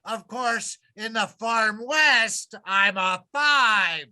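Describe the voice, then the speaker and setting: A man's voice: high-pitched, extremely slow, pushed and bright, smooth, full character voice, poor audio. A man playing a smug male Smurf talk-show host, delivering a corny self-satisfied monologue in a comedy sketch. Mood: joking.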